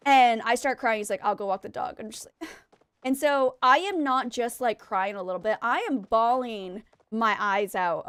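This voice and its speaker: Woman, young adult, bright high voice, dry recording, casual rambling stream talk. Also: smooth, no room sound. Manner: rambling, venting, talks to chat while playing. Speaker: game streamer. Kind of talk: casual chat while gaming.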